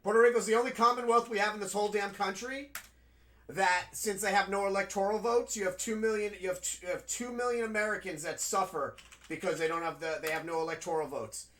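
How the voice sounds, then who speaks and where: A man's voice: high-pitched, fairly even intonation, fast, fairly bright tone. A man playing a video game and chatting casually, rambling and frank, with frequent swearing. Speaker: gaming streamer. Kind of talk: casual commentary while playing.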